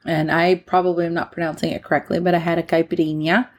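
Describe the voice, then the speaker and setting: A young woman in her twenties co-hosts a podcast with relaxed, chatty ease. Her voice sits low for a woman. She adds touches of dry humor. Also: fast talker. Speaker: podcast co-host. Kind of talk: casual chat.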